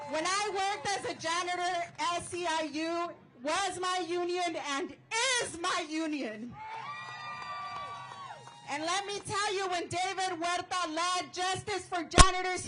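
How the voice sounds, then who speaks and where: A woman giving a fired-up speech at an outdoor protest rally, shouting chants and leading call-and-response. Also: extremely high pitch, heavy background noise. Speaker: rally speaker and organizer.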